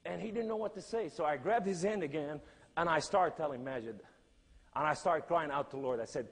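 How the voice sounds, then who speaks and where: Brief: man preacher with a raspy, higher voice, dramatic loud-to-hushed delivery, non-native English, long church reverb. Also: a little fast. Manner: emphatic, with big swings between loud cries and hushed lines. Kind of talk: sermon storytelling.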